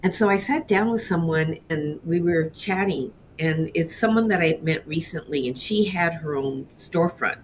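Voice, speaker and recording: Low-voiced woman telling a heartfelt story. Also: normal speed, hardly any pauses, slight background noise. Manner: animated, acts out quoted voices. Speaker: guest, cheesecake baker. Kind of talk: candid personal storytelling.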